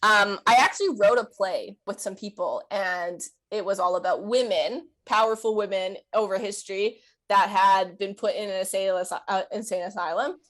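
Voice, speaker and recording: Woman guest chatting on a podcast, quick asides, laughs a lot, middle pitch. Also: a bit bright. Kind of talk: casual chat.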